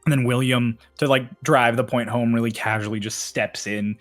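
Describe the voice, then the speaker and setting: Man in a relaxed game master narration. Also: mid-range voice, normal speed, soft background music. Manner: casual, laughing, loose narration full of "like".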